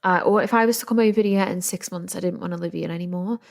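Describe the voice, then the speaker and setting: A woman's voice: fairly low pitch, steady tone, fast, vocal fry, a little mellow. A young woman hosting a solo podcast, chatting candidly and earnestly with lots of "like" and restarts. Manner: rambling, heavy use of "like", earnest. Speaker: podcast host. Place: house in a forest, window open.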